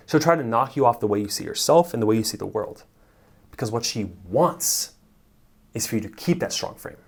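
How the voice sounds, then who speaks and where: Man, relationship coach, somewhat low voice; casual animated storyteller, filler-heavy, chuckles between phrases. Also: brisk, pauses often. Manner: animated storyteller, frequent "like" and "right?", chuckles while talking. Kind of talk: casual advice monologue to the camera.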